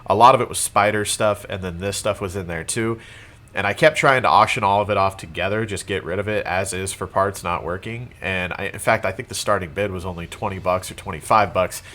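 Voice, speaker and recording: A man's voice: low-pitched, a little fast, pushed and bright. A congested young man with a cold, rambling casually through a show-and-tell about things he resold, with plenty of fillers and restarts. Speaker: reseller vlogger.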